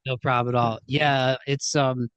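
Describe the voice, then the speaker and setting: A man's voice: medium pitch, little pitch movement, moderate pace, a bit bright, clear, resonant tone, no echo. A man hosting a podcast, chatting loosely with plenty of "like" and "um", circling back as he talks. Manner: rambling, lots of fillers and restarts, name-dropping. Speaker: podcast host. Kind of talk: casual podcast interview.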